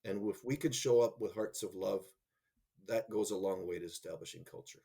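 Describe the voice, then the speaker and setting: A man's voice: lowish voice, moderate pace, creaky, mellow, husky. A middle-aged man, a school leader, speaking reflectively and telling a personal story in a roundtable discussion. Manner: reflective storyteller, acts out quoted voices.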